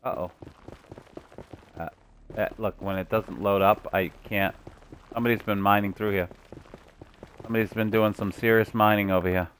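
A man's voice: fairly low pitch, fairly even intonation, moderate pace, pauses often, a bit bright, slight background noise. A man streaming gameplay live, chatting to his viewers and cracking puns as he plays. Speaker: gaming streamer.

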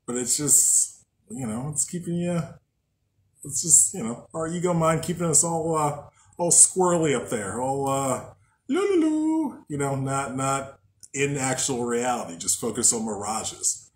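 A man's voice: medium pitch, unhurried, slight background noise, poor audio. A man hosting a podcast in a loose, profane, joking casual monologue. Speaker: podcast host. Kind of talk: casual monologue on spiritual practice.

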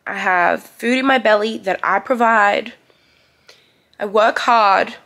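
Tearful young woman, gravelly voice. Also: medium pitch, slow pace, fairly bright tone. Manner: tearful, emotional and candid. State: crying. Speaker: vlogger. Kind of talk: personal vlog confession.

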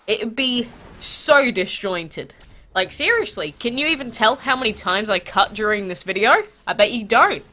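A congested woman with a stuffy nose from a cold, hosting a mobile game channel in chatty, animated talk full of rhetorical questions. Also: on the high side, moderate pace. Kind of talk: casual gaming vlog chat.

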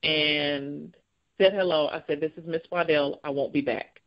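A woman recounts her own story as an interview guest. She is animated, laughs often, and slips into the voices of the people she describes. The recording sounds muffled and lo-fi. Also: sits low, unhurried. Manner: laughs often while talking.

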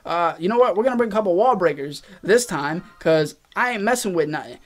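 High-voiced excitable young man gaming. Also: a little fast. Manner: excitable, rambling, talks to viewers while playing. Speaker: gaming channel host. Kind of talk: casual gameplay commentary. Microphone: face cam.

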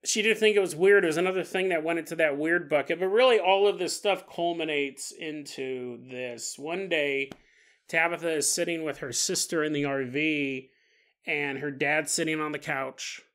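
High bright-voiced joking podcast host. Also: male voice, normal speed. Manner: joking, laughing asides, animated. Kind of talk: comic retelling of a paranormal story.

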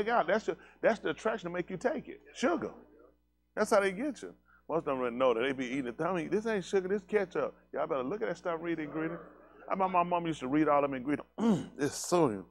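Brief: man pastor, loose joking sermon voice, chats with the crowd, mid-range pitch. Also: creaky, slight background noise. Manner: loose, joking, talks straight to the congregation. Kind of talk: casual sermon talk.

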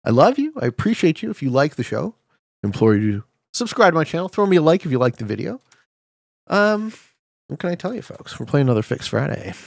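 A man from Canada streaming a board game live, excitable and swearing, laughing often and bursting into shouts. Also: fairly high pitch, fast, vocal fry, no room sound, studio quality. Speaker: streamer playing an online strategy board game.

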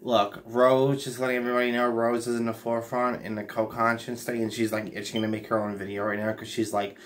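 A man's voice: fairly low pitch, little pitch movement, normal speed, a bit bright, slight background noise. Blunt, profane man livestreaming late at night.

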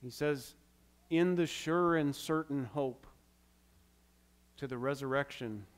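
A man preaching a sermon as pastor, acting out quoted lines dramatically with swings from loud to hushed. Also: medium pitch. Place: church.

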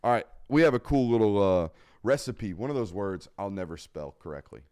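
A man hosts a live sports talk show in a fairly low voice. He talks bluntly and emphatically, and he often stacks repeated words to drive his points home. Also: lively intonation, a little fast, a little mellow, clean tone. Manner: blunt, casual swearing. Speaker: podcast host.

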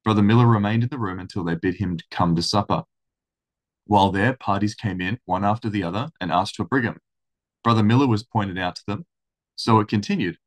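A man reading a historical account aloud in steady storytelling, then commenting casually. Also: on the low side. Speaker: religious study channel host.

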